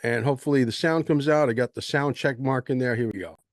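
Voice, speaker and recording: An older man talks loosely and at length to his viewers, circling back and hammering words by repeating them. His voice sits in an ordinary middle pitch. The sound is dry, with no room around it. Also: fast talker, no echo. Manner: rambling, emphatic, repeats words for stress. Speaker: host and precious metals dealer. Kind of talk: casual livestream talk.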